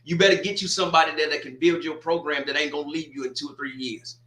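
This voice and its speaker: Bright-voiced, echoey sports host. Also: male voice, a little high, fairly even intonation, fast. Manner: loose, joking, trash-talking, with frequent restarts and asides. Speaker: sports talk livestream host. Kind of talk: casual livestream commentary.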